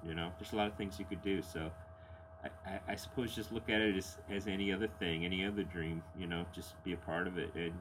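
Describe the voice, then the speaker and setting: A man's voice: deep voice, steady tone, fast talker, background noise. A middle-aged man hosting a blues radio show, casually answering listener letters in a rambling, candid way with plenty of fillers and chuckles.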